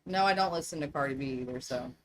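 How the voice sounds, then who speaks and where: A middle-aged woman with a Southern US accent, hosting a casual livestream chat, animated and laughing often. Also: deep voice, quick pace, slight background noise, rough recording. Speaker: livestream host.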